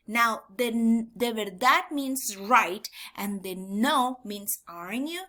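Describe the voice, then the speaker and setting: A woman teaching a Spanish class, her voice a little high and very bright. She runs repetition drills and moves back and forth between English and Spanish, with a dog barking now and then behind her. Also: lively intonation, unhurried. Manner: drills phrases for students to repeat. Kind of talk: recorded classroom lesson.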